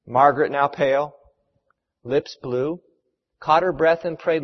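A man preaching a sermon, retelling a story with dramatic, emphatic pauses. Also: a little high. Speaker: pastor. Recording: reverberant hall, muffled sound.

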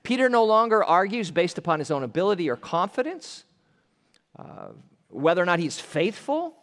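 Pastor guy preaching, earnest, slows down on the big words, kinda high voice, long echo like a big church. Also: sing-song, a bit bright. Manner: earnest, emphatic, with slow stressed phrases and drops in volume. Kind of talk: expository sermon. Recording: long reverb of a large hall.

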